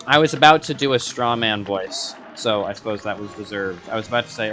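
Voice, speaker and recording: A man talks his way through a tough game with a bright, sharp-edged voice, half muttering to himself and half snapping sarcastic remarks at no one in particular. He slips from low grumbling into sudden frustrated outbursts, and soft game music plays underneath. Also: moderate pace, hardly any pauses. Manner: sarcastic, rambling self-talk while playing. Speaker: gaming video creator. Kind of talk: gameplay commentary.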